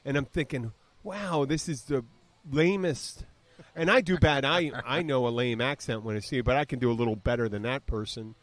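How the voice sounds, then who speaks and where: A man's voice: medium pitch, quick pace, hardly any pauses, fairly bright tone, no room sound. A man in his fifties from the southern United States hosting a podcast, rambling through stories in casual chat and mimicking voices as he retells them. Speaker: podcast host.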